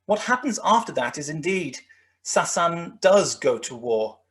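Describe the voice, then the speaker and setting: A man's voice: a little high, very animated, unhurried, fairly bright tone. A man lecturing on history over slides, with many fillers and restarts as he talks. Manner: rambling, frequent restarts and fillers. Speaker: guest lecturer.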